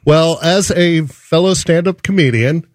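A man's voice: fairly high pitch, unhurried, no echo. A male stand-up comedian co-hosting, teasing the guest in casual banter. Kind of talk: casual talk show banter.

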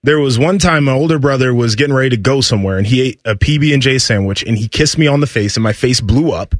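A man's voice: mid-range voice, quick pace, no room sound, studio quality. A man casually telling a personal story in an interview clip, offhand and laughing. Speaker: interviewed athlete.

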